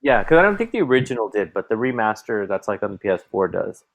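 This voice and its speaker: Lively, animated man telling stories. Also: on the low side, quick pace, creaky, no room sound. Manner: animated storyteller, acts out voices in quotes. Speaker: podcast co-host. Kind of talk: casual chat.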